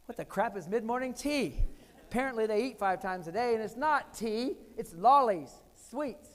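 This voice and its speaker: Speaking fairly quickly in a high-pitched voice, an older American keynote speaker shares comic personal anecdotes. His phrasing is short and punchy, and the hall echoes around him.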